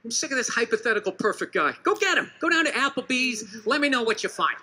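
A man doing a stand-up comedy rant, swearing heavily and shouting in mock anger. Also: very high-pitched, expressive, fast, very noisy. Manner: angry ranting, heavy swearing, shouting.

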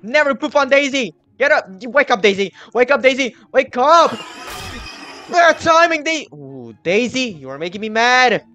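A man hosting a gaming channel, giving excited gameplay commentary while taunting the other players and often yelling. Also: very high voice, normal speed, few pauses.

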